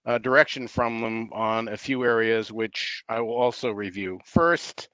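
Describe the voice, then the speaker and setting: A man with a smooth, clear voice reports to a board over an audio-only call. He talks in a measured way, pausing on fillers and restarting phrases. The sound is close and dry. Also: mid-range voice, sharp tone, dry recording, dull audio. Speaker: staff member giving an update. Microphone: audio-only call, no camera.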